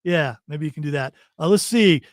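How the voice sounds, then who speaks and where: A man's voice: on the high side, normal speed, no echo, studio quality. A man hosting a radio show, casually joking and reading listener texts. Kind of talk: casual on-air banter.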